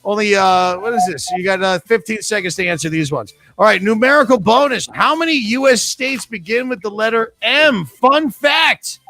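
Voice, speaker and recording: A man's voice: sits high, lively intonation, moderate pace, hardly any pauses, pushed and bright. A man hosting a live trivia podcast, reading out questions and joking with his co-hosts. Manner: joking, chatty, reads questions aloud. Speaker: trivia host.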